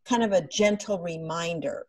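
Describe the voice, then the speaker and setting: A woman guest on a podcast, telling stories and explaining her ideas in a measured, earnest way. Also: on the low side, a crowd in the background. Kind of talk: conversational podcast interview.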